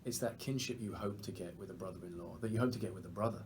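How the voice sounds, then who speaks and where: English guy telling stories at a press junket, lowish voice, noisy room. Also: fast talker. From England. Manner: animated storytelling, laughs often. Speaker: actor guest.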